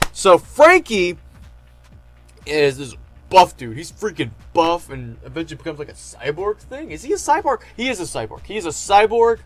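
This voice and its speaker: A man casually recapping an anime arc as a reviewer, rambling with lots of "like" and "um" and gushing with fan excitement. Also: on the high side. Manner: rambling, heavy on fillers and "like". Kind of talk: casual retrospective chat.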